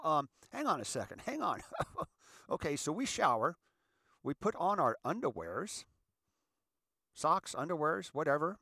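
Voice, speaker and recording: A man's voice: on the high side, moderate pace, vocal fry, no room sound. Rambling middle-aged man, close and dry. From California. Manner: rambling, animated, acts out little scenes. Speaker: host. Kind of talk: casual monologue.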